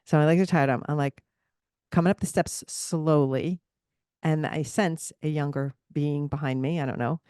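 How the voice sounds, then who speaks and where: A woman with a low voice co-hosts a casual podcast, telling lively stories and breaking into laughter. The sound is dry and close. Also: normal speed, clean tone, dry recording. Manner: animated storyteller, laughs often. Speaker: podcast co-host. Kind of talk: casual chat.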